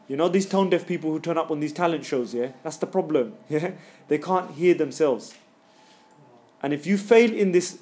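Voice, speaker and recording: A man teaching a tajweed class, joking with students and loudly demonstrating sounds. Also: a little high. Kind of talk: classroom lesson.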